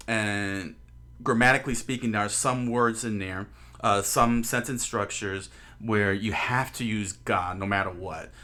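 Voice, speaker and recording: A man with a fairly low voice talks a viewer through a grammar point in a loose, rambling stream style. He fills gaps with uh and um, breaks off and restarts his sentences, and keeps drawing as he explains. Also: sharp tone. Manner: rambling, many fillers and restarts, drawing on a board while talking. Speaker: streamer teaching Japanese. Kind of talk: casual explaining on a livestream.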